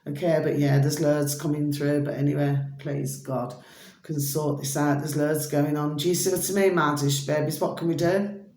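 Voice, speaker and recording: A woman, her voice going hoarse, rambling affectionately through an evening vlog. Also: sits low, steady tone, normal speed, mellow. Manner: rambling and affectionate, calls listeners babies, keeps asking "do you see what I mean". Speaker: spiritual vlogger. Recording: echoey room.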